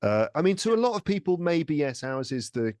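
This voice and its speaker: A man from England on a casual podcast, an animated storyteller who acts out quoted speech. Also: on the high side, brisk, dry recording, studio quality. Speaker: podcast guest, English teacher and comedian. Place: lives in France.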